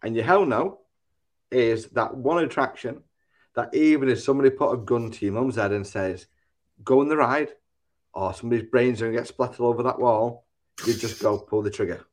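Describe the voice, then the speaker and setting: A man co-hosting a casual podcast on an online group call. He explains the rules with jokey, dark exaggerations. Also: medium pitch, fairly quick. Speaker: podcast co-host. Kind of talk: casual chat, explaining a game.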